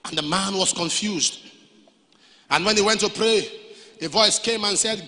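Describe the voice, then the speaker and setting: Pastor preaching in a reverberant hall. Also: male voice, normal speed. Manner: swings from low storytelling to shouted preaching. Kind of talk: sermon.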